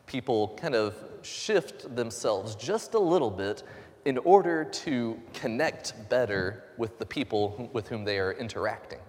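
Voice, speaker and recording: A man pastor giving a conversational sermon, relaxed and joking with lively asides. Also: mid-range voice, measured pace. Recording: long hall reverb.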